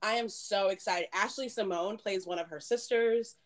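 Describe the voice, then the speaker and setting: A podcast co-host in her late twenties talks casually with friends, chatty and giggly, filling her sentences with "like" and "um." She speaks at a moderate pace in a mid-range voice.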